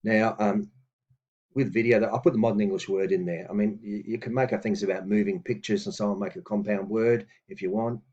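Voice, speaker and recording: A man teaching a lesson, reading out phrases slowly and deliberately, with hesitant fillers between explanations. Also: lowish voice, steady tone, darkish tone, lo-fi sound. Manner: slow and deliberate on old words, with hesitant fillers. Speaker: language teacher. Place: room with books on a table.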